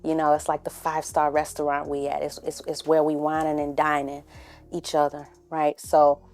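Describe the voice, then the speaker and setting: Young woman, podcast host, low register, candid casual monologue, faint music under. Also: completely flat delivery, moderate pace. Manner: candid, conversational, drifts into hushed murmurs. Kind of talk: casual emotional monologue to camera.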